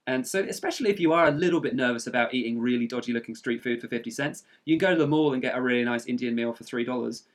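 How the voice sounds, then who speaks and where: A man co-hosting a casual travel podcast, chatty and relaxed, with some mild swearing. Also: medium pitch, very fast, few pauses. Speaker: podcast co-host.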